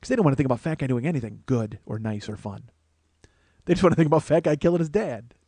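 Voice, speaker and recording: A man hosting a podcast, telling a comic story full of swearing, growing louder and more animated as it goes. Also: a little high, fast talker, dry recording. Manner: profane, animated, rising to shouting as the story builds. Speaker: podcast host.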